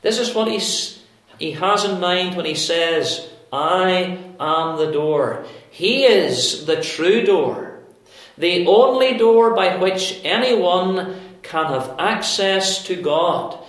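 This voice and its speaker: A man delivers an expository sermon, weighing each phrase with emphatic pauses. His voice sits high for a man, and he takes his time. The sound rings in a strongly echoing room. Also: animated, fairly bright tone. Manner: slow, deliberate expository preaching with emphatic pauses. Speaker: preacher. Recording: very echoey room.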